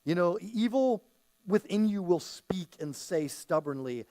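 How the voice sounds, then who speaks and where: Pastor, male, fairly high voice; loose, chatty sermon delivery that slips into quoted voices. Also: animated, unhurried, dark tone. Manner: conversational preaching that often acts out quoted voices.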